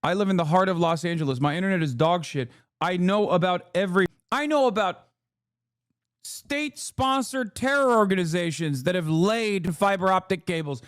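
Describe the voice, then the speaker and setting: A man's voice: high-pitched, normal speed, smooth, no echo, studio quality. A man streaming, reacting to news clips in casual chat, swearing a lot and firing off heated rhetorical questions. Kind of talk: casual profane reaction commentary.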